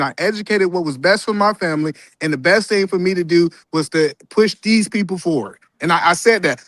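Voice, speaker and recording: A man co-hosting a morning talk show, loud and insistent in a heated debate, talking over the other speaker. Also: sits high, dry recording.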